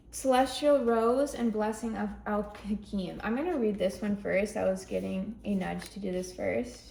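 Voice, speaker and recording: Gravelly-voiced woman reading tarot. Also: medium pitch, roomy sound. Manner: emotional, gushing, reads slowly and softly from cards. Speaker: tarot reader. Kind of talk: tarot reading, reading oracle cards aloud.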